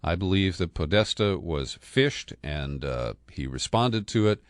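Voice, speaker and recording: A man's voice: deep voice, lively intonation, unhurried, dry recording, clean studio sound. A man hosting a political podcast, talking through the news in a sardonic, conversational way with frequent fillers and chuckles. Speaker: podcast host.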